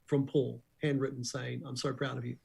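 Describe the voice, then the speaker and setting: A man's voice: medium pitch, moderate pace, gravelly, slightly rough, rough recording. A middle-aged man with a New Zealand accent, a radio breakfast host telling stories as a guest in a casual interview. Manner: animated storyteller who acts out quotes.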